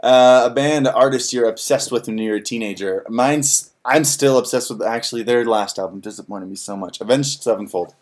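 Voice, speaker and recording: A man's voice: mid-range voice, brisk, hardly any pauses. A young man co-hosting a casual livestream Q&A, playful and jokey, reading out viewer questions. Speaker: livestream co-host.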